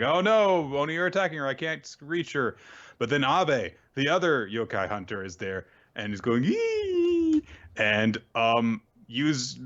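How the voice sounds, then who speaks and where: A man's voice: lowish voice, fairly bright tone, muffled recording. A man hosting a casual recap show, talking in an offhand, wry and profane way with plenty of fillers. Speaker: host of a manga recap show.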